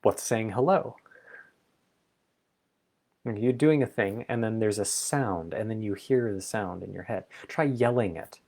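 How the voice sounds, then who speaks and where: A man hosts a reflective solo talk and thinks aloud with playful asides. His voice sits low and carries a steady vocal fry, and he lets his thoughts unfold at an exploratory pace. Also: unhurried, long pauses. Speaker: vlog host.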